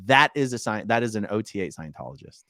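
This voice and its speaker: Animated man chatting on a live stream. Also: lowish voice, fast, dry recording, studio quality. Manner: chatty, animated, laughs often, reads comments aloud. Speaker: livestream co-host reading viewer comments. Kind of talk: casual live-stream chat.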